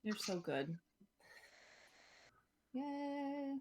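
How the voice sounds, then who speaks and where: A woman's voice: high-pitched, sing-song, extremely slow, a little mellow. A woman co-hosting a charity livestream, chatting casually in an upbeat, teasing way and reading out donation updates. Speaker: podcast co-host.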